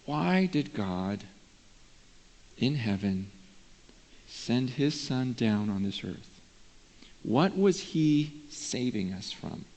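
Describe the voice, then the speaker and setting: A man's voice: medium pitch, dark tone, in a large hall. A man preaching a sermon as pastor, in an earnest, conversational way. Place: church sanctuary.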